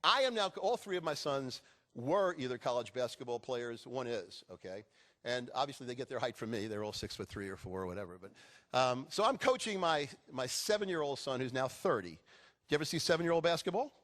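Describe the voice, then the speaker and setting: A man's voice: medium pitch, a little fast. A middle-aged man giving a motivational speech to a live audience, telling stories with jokes. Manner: animated storytelling with jokes. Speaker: keynote speaker.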